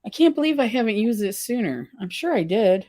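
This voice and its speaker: A woman chatting casually while face painting, agreeable and relaxed, often murmuring assent. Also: on the high side, fairly quick. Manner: relaxed, agreeable, many backchannels.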